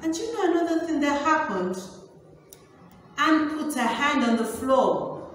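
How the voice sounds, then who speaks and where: A woman teaching a phonics lesson to small children, speaking in a slow, exaggerated, sing-song, encouraging way. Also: high-pitched, animated, slight background noise. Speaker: pre-nursery teacher. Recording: echoey room from far off.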